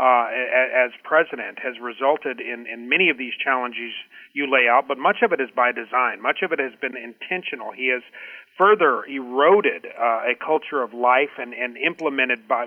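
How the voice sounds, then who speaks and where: A man's voice: mid-range voice, no room sound. A man speaking emphatically as a radio co-host, often restarting his sentences. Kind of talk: talk radio discussion. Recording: tinny phone-line sound.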